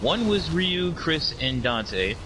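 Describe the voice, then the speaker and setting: A man in casual podcast chat, telling a story with lively energy. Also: slow, noisy background. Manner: animated storyteller, mimics opponents in high squeals.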